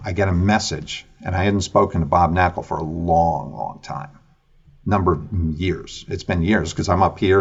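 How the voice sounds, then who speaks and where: A man, a podcast guest and author, telling an animated story in an interview over a video call, acting out the conversations he recounts. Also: low voice, dull audio.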